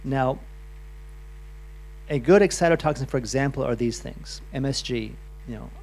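A middle-aged man gives a health talk to a room full of people. He is chatty and loose, stumbles and restarts often, and speaks in a gravelly, mid-pitched voice. A faint electrical hum sits under the recording. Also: normal speed, darkish tone. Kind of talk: live talk to an audience.

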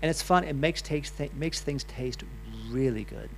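A man's voice: a little high, moderate pace, vocal fry, a little hiss or hum. A middle-aged man giving a loose, chatty health talk to a live audience, full of restarts and asides. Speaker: health speaker.

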